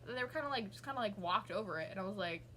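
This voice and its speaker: A woman's voice: medium pitch, lively intonation, rapid-fire, bright, forceful tone, slight background noise. A young woman, rambling casually as a vlogger with lots of fillers and asides. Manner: rambling, gushing, many fillers. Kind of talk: casual chat.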